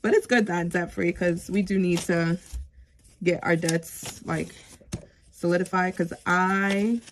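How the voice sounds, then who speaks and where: A woman vlogger chatting casually as she plays a savings game, counting aloud with bursts of excitement. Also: lowish voice, unhurried, noisy background. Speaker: budgeting vlogger. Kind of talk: casual chat while playing a savings game.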